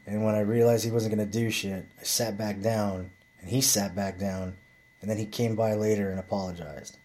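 A man's voice: on the low side, little pitch movement, moderate pace, a little mellow. A man telling a rambling bar story in a blunt, profane, casual way, with frequent restarts.

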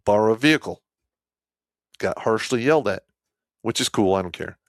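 A man's voice: normal speed, no room sound. Blunt, profane man with a dry close sound. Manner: animated, swings between loud outbursts and low asides. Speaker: army veteran telling a war story. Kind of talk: casual storytelling.

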